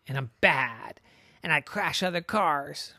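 A bragging wolf car that sneers and cackles, put on by a man in a storytelling voice. His voice jumps well above the teller's own, swinging high and low, with a gravelly edge, in a dry, close room. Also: lively intonation, takes it slowly, bright, forceful tone, no echo, full character voice. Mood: gloating. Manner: gloating, cackling, then pleading. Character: bullying big bad wolf car, boastful male.

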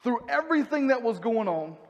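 A man's voice: very high-pitched, big pitch swings, brisk, lo-fi sound. A man preaching a sermon in an earnest, conversational way, putting questions to the congregation. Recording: hall reverb.

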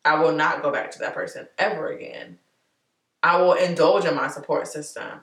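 A woman vlogger talking candidly and warmly to her viewers, chatty and heartfelt, calling them y'all. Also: low-pitched, normal speed, reverberant, recorded from a distance. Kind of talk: candid personal vlog talk.

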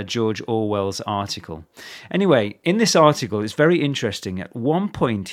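A man from the north of England, hosting a chatty podcast monologue and explaining things in a relaxed, conversational way. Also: mid-range voice. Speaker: podcast host.

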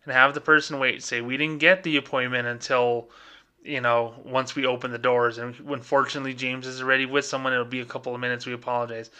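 A man's voice: mid-range voice, quick pace, clean tone. A man, a podcast co-host, telling a story in a casual way and acting out the other people's lines as he goes. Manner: animated retelling that acts out quoted dialogue. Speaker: podcast co-host, former bank employee.

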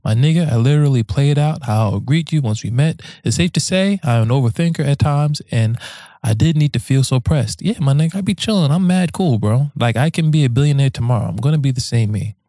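A man's voice: mid-range voice, animated, brisk, warm tone, no room sound. A man hosting a podcast, reading listener emails aloud in a loose, slangy way with frequent swearing and joking asides.

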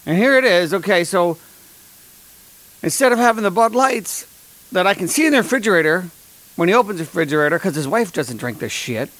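A man with a fairly high voice delivers a comedic monologue. He rants in a dry, sarcastic, deadpan way and slips into mock sponsor reads. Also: a little fast. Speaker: podcast host.

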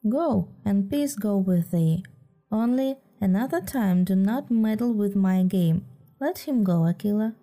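A woman's voice: medium pitch, animated, a little slow, warm tone, soft background music. A woman voicing a bold, proud boy raised by wolves, lifting her voice a little, in a storybook reading. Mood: calm. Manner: proud, scornful.

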